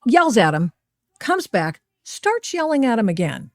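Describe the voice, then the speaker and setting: Animated sarcastic woman podcast host. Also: medium pitch, normal speed, dry recording, clean studio sound. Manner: sarcastic, animated, mocking voices she quotes. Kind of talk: opinionated commentary over video clips.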